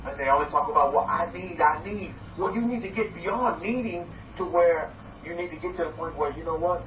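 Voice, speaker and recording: A man teaching as a rabbi in a lively sermon, acting out quoted voices and repeating words as he goes. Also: a little high, a little fast. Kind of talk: sermon-style teaching talk. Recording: echoey, distant, dull and slightly noisy.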